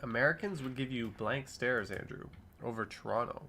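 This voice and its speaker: Casual male streamer, 30s, mid-pitched, chatty chat-reader, faint noise behind. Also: normal speed, sharp tone. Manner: chatty, reads chat comments aloud and riffs on them. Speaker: streamer reading live chat.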